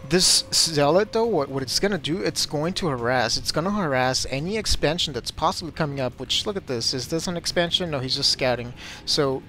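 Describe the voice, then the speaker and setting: Young male replay commentator, a touch high-pitched, eager and easily flustered, home desk mic with faint hiss. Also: fairly quick. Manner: excitable, gets flustered and speeds up in fights. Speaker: game commentator. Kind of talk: commentating his own replay.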